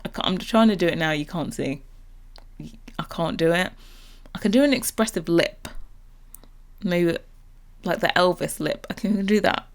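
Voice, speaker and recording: Young girl rambling about game stuff, gets super hyped, kinda low voice. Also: normal speed, pauses often. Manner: bubbly and rambling, gets excited about new content. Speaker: Sims builder and YouTuber. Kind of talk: casual chat over a speed build.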